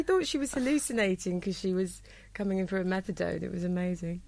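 A Welsh woman in her thirties, a guest telling rambling stories with frequent laughter. Her voice has a gravelly, fried edge. She often trails off and restarts mid-thought. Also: fairly low pitch, fast, warm tone, no echo. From Wales. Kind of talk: casual chat.

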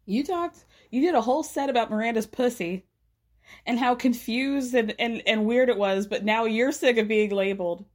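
A woman hosting a podcast, recapping a TV show in a casual, profane, animated way and laughing often. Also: a little high, moderate pace. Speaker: podcast host.

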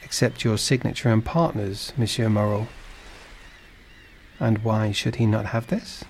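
A man's voice: lowish voice, fairly even intonation, measured pace, a little hiss or hum, rough recording. A man reading a storybook and voicing a kindly, fatherly shipowner who asks questions. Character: male shipowner, warm and fatherly employer.

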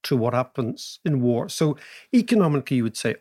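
A man, co-hosting a podcast, telling stories and explaining economics in an animated way, laughing as he goes. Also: mid-range voice, fairly quick. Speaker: podcast co-host. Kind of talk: casual storytelling and economics chat.

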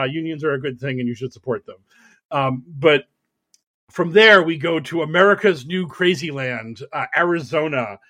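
High-pitched man, sarcastic political podcast chat, mocking, animated. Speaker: podcast co-host.

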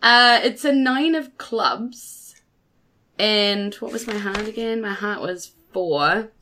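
A woman's voice: mid-range voice, slow pace, sharp tone. A woman playing in a tabletop game, chatting casually and laughing often. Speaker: player.

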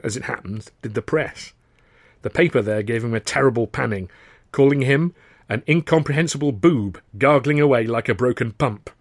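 A man narrating his own novel in a wry, measured way. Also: mid-range voice, no echo, studio quality. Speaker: author and narrator. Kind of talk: scripted audiobook narration.

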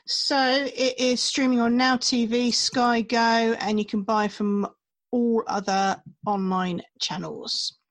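A woman co-hosting a casual film review podcast, relaxed and easygoing. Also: fairly high pitch, takes it slowly, poor audio. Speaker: podcast co-host.

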